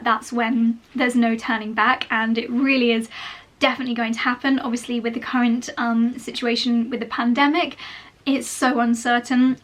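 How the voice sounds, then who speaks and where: A young woman chatting in a sentimental, gushing way as a fashion vlogger talking to camera at home. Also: on the high side. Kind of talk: casual vlog chat.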